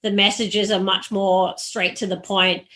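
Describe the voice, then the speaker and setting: A woman from Australia hosting a business podcast, posing long, thoughtful questions in a measured way. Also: medium pitch, level tone, fairly bright tone. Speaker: podcast host. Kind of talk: conversational interview.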